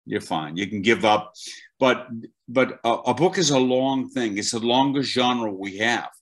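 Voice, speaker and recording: Older man, animated veteran voice teacher. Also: medium pitch, measured pace. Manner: animated storyteller, many restarts. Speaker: guest voice acting teacher. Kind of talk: conversational interview.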